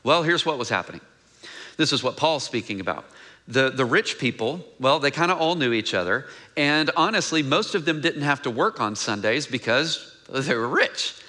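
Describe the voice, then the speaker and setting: A male pastor preaching a sermon in a conversational way, asking the congregation questions and reading scripture aloud in a quieter, lower voice. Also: expressive, moderate pace.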